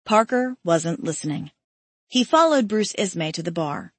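A woman narrating a historical story aloud, shifting her voice up and louder for the quoted lines. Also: fairly low pitch, very animated, normal speed, dry recording.

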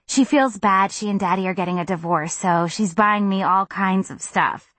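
A woman's voice: medium pitch, moderate pace, fairly bright tone, no echo, lightly acted. A woman reading a breezy spoiled teen girl. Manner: breezy, sing-song. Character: spoiled breezy teenage girl, boy-crazy.

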